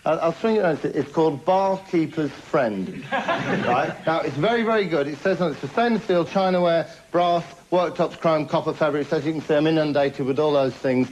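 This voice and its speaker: A man's voice: on the high side, normal speed. Boastful man, dull noisy TV tape. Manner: boastful, name-dropping, chatty with tag questions. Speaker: comedy show host. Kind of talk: comic monologue to camera. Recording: dull lo-fi TV recording with noise.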